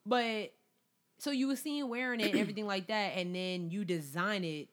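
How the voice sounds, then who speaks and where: A woman's voice: medium pitch, normal speed. A woman from New York, co-hosting a podcast, telling stories in casual, slangy chat and laughing often. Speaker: podcast co-host.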